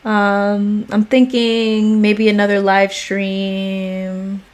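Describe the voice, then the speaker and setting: Slow, relaxed American woman livestreaming. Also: mid-range voice. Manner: relaxed, chatty, slow and drawn out. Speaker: livestream host. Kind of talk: casual livestream chat and reading aloud.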